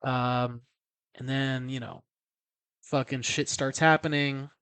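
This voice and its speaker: A man's voice: mid-range voice, fairly even intonation, slow, fairly bright tone, clear, resonant tone, no room sound. A man casually recapping a horror film, rambling, swearing and correcting himself as he goes. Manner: rambling, profane, self-correcting.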